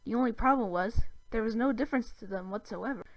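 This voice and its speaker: A woman's voice: a little high, fast, no echo, low-quality recording. A woman narrating a fan fiction story in a plain storybook manner. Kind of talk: reading fan fiction aloud.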